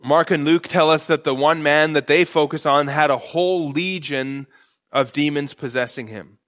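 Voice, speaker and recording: A male pastor preaching an earnest expository sermon, slowing down to stress key phrases. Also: fairly high pitch, fairly even intonation, a bit bright.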